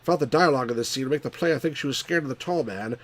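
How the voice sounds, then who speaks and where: A man's voice: mid-range voice, quick pace, fairly bright tone. Joking man playing a game with a friend. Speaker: let's play host. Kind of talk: casual chat, reading game lines aloud.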